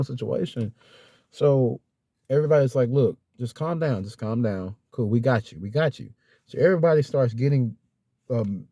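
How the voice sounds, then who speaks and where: A man's voice: mid-range voice, warm tone, no room sound. Man rambling through an exasperated storytime. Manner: rambling, exasperated retelling with acted-out quotes; swears casually. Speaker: vlogger. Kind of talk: casual storytime rant.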